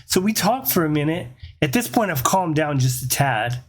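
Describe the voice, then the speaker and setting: A young man casually telling a wild story from his past, animated and swearing freely. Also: a little high, normal speed.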